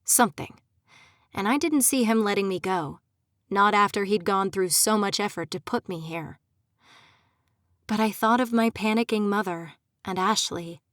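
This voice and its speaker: Emotive woman narrating a dark audiobook. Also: mid-range voice, normal speed, no echo, studio quality. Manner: emotive, pleading and desperate in dialogue. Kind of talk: first-person audiobook narration.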